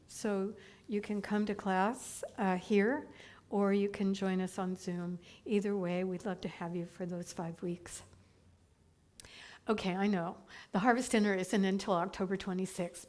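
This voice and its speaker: A middle-aged woman minister giving chatty, upbeat church announcements to her congregation, laughing now and then. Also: medium pitch.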